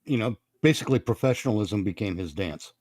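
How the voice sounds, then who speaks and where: A man cohosting a casual podcast, tossing out quick crude quips and reading listener jokes. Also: on the low side, animated, darkish tone, slightly rough, no room sound, studio quality. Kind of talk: casual chat.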